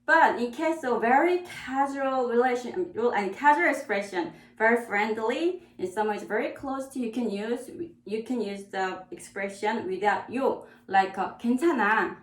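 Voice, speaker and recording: Woman teaching Korean in an echoey room. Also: a little high. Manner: slow, repeats words for practice. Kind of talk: beginner language lesson.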